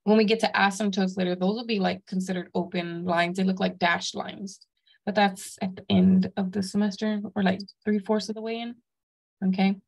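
A woman's voice: mid-range voice, flat delivery, moderate pace, gravelly, low-quality recording. A woman teaching a math class in a plain, mid-range voice. She explains step by step and checks in with "okay?" after each point. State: has the hiccups. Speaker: math instructor. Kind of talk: classroom lecture.

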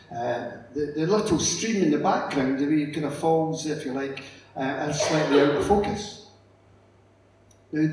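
A middle-aged man giving a lively, storytelling conference talk and acting out the characters. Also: a little high. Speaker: conference speaker. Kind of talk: illustrated public lecture. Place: conference hall. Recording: echoey hall, distant mic, faint noise.

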